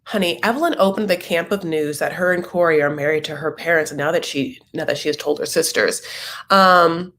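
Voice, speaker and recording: A man's voice: on the high side, brisk, sharp tone. A man recapping a reality show in a campy, chatty way, calling the viewer honey. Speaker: TV recap host. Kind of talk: casual recap commentary. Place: at home, sitting cross-legged.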